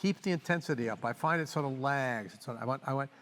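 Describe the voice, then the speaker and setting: A man's voice: medium pitch, fast talker. An older man conducting a master class, coaching a brass player and singing phrases aloud to show how they go. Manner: animated, sings phrases aloud. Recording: reverberant hall.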